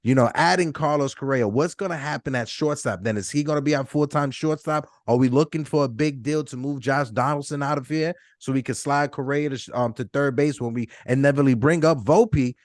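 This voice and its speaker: A man co-hosting a casual sports fan show, energetic and hyped as he reads viewer messages aloud. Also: medium pitch, fairly quick, hardly any pauses, no room sound, clean studio sound. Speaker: co-host. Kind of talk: casual sports podcast chat.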